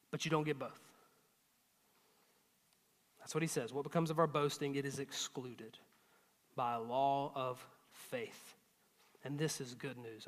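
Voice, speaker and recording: A male pastor preaching a sermon, swinging between loud emphatic lines and hushed, earnest asides. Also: on the high side. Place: church auditorium. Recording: long hall reverb.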